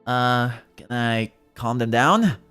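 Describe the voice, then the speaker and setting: A man's voice: medium pitch, lively intonation, slow pace, bright, forceful tone, clear, resonant tone, faint music behind. A man voicing a casual, encouraging young male friend at a tabletop game table. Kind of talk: reading a game's dialogue aloud.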